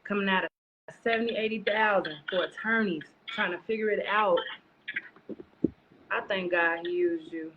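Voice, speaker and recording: A woman's voice: medium pitch, normal speed, pauses often. A woman with a Chicago accent, a guest on a talk stream, speaking with tearful, heartfelt thanks. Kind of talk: emotional casual chat. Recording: muffled with loud background noise.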